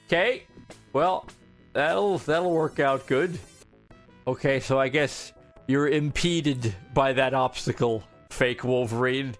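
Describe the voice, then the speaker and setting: A young man giving casual, joking gameplay commentary, excitable and swearing freely, with game music faint behind him. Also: medium pitch, takes it slowly. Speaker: gaming streamer.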